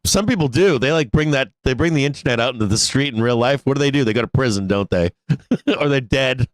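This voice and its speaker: A man's voice: medium pitch, animated, a little fast, dry recording. Profane, laughing male stock stream host. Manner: profane, laughs often, rants. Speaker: stock market livestream host. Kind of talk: casual profane livestream chat.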